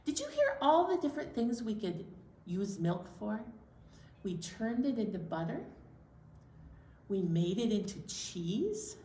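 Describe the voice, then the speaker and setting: A woman leading a children's library storytime, singing simple songs and talking in a cheery, sing-song way, slow and clear for little ones. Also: medium pitch, very animated, dark tone, slight background noise. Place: library program room. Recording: echoey room, voice far from mic.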